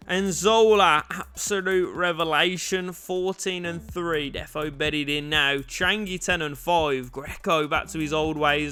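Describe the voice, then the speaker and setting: Excitable man commentating a football game. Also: sits high. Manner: excitable, shouts at goals, swears at the referee. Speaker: gaming YouTuber.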